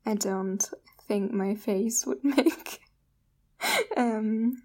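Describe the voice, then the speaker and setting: A woman's voice: mid-range voice, warm tone. Giggly woman. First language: German. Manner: giggly, quick to laugh. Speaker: podcast co-host. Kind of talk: casual chat.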